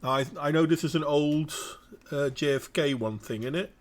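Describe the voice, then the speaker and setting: A man's voice: fairly high pitch, normal speed. A middle-aged Dutch man with a Dutch accent who hosts a casual talk and answers viewers by name. He speaks bluntly and with emphasis, and sometimes stops to search for a word. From Netherlands. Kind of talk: casual opinionated monologue.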